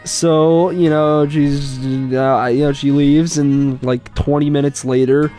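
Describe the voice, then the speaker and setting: A man improvising a comic story, rambling and halting, full of fillers and swearing. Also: on the high side, flat delivery, mellow, faint music behind.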